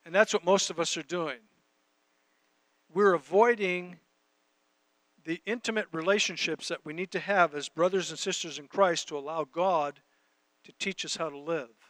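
A man's voice: a little high, moderate pace, pauses often, a bit bright, no room sound. A man preaching a conversational sermon, reading scripture and talking directly to his audience. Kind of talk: sermon teaching.

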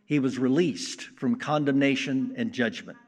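A man preaching a sermon in a slow, deliberate way with strong emphasis on key words. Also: mid-range voice. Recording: long reverb of a large hall.

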